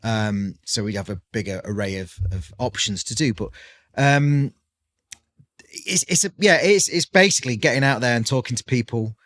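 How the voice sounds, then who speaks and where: A man's voice: mid-range voice, animated, moderate pace, a bit bright. A British man in his forties, a caterer guest on a podcast, telling his story in a rambling, chatty way with lots of fillers. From United Kingdom. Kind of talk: casual podcast chat.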